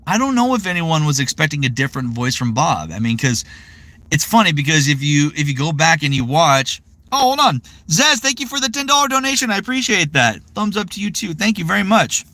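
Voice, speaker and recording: A man's voice: on the high side, big pitch swings, fairly quick, sharp tone, no room sound. A man in his thirties chatting casually on a live stream, rambling with lots of fillers. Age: 30s. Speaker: voice actor streaming.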